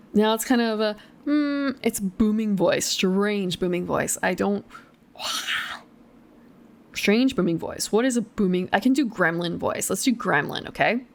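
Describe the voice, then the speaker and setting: A woman's voice: medium pitch, expressive, normal speed. A young woman streamer reading a choose-your-path gamebook aloud, with chatty, giggly, self-deprecating asides.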